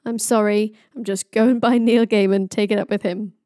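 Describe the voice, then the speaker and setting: A young woman retells old myths on a podcast in a chatty, casual way, full of jokey asides. Her voice is mellow and soft-edged. The recording is dry and close. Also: medium pitch, fairly even intonation, moderate pace, no echo. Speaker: podcast storyteller.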